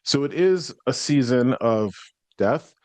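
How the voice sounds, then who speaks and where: An American man hosting a solo podcast as a psychic medium, talking in a reflective, explanatory way and clearing his throat now and then. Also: medium pitch, lively intonation, slow, darkish tone, dry recording. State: worn out after burnout.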